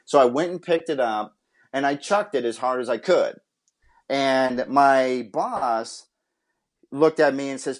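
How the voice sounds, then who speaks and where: A man's voice: medium pitch, unhurried. A man from Massachusetts, a podcast guest, telling his life story in an earnest, heartfelt way. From Massachusetts, USA. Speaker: interview guest, former pitcher and scout. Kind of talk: personal storytelling in a podcast interview.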